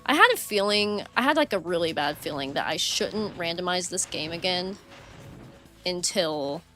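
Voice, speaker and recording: A young woman streaming live gameplay, chatting along and breaking into loud frustrated outbursts at the game. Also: mid-range voice.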